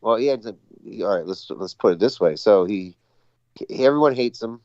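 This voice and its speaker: A man with a low voice calls in over a dull, lo-fi phone line that sounds close and dry. He is a schoolteacher chatting casually, rambling through his stories and poking fun at himself. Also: expressive, brisk, a little mellow, dry recording. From Boston area. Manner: rambling, self-mocking, laughing at his own stories. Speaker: schoolteacher, call-in guest. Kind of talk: casual chat. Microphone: phone call.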